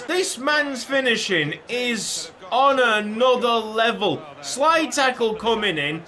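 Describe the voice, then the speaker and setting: A young man commentating his football video game, cheering and shouting at each goal. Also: very high voice. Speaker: gaming YouTuber.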